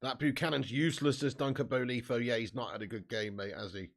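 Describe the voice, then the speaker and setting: A man's voice: medium pitch, fairly even intonation, fast, vocal fry. Chatty man hosting a football watch-along. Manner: chatty, reads out chat comments. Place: room at home.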